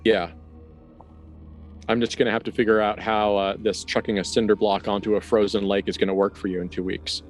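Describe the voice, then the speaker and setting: A man running a tabletop horror game as game master, describing the scene quickly with amusement. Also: fairly low pitch, level tone, faint music behind.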